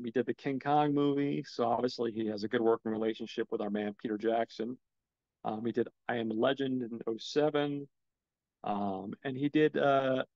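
A man's voice: mid-range voice, gravelly, darkish tone, no echo, highs cut off. A man hosting a casual film podcast alone, rambling with many ums and swearing when his gear acts up. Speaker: podcast host reviewing films. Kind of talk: casual solo film talk.

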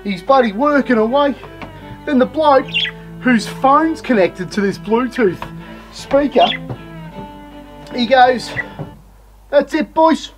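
Slow, rambling Australian bloke. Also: male voice, extremely high pitch, soft background music, poor audio. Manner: rambling, sweary, blokey banter. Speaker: beer reviewer and show host. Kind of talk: casual beer review chat.

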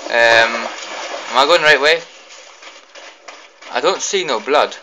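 A young man giving excitable let's play commentary, blurting reactions and mild swearing as he fights. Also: medium pitch, slow pace, muffled recording, a little hiss or hum. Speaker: gaming commentator.

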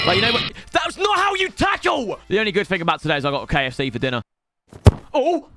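Excitable man shouting at a game. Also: sits high, quick pace, music in the background. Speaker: gaming streamer. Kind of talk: live gaming commentary.

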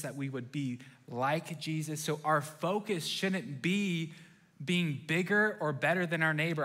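A young man preaching to his congregation, his voice bright and ringing and pitched a bit above the usual. He tells his stories with animation and jumps into quick impressions of his own inner thoughts. The delivery is a lively, friendly sermon. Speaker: pastor.

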